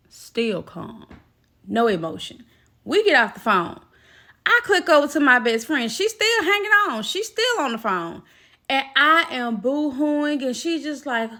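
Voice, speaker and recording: A woman recounts her own story to the camera, speaking to viewers directly and emphatically. Her voice is bright and edged, and she takes her time over each phrase. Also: high voice, expressive, a little slow. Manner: emphatic, talks straight to viewers, acts out quoted voices. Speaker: vlogger telling a personal story. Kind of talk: casual storytime.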